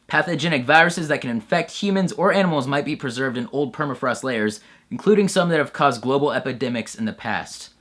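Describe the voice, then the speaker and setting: A young man hosting a satirical comedy sketch, crude and sarcastic, switching between flat mock-serious narration and loud bro shouting. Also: medium pitch, a little fast, few pauses.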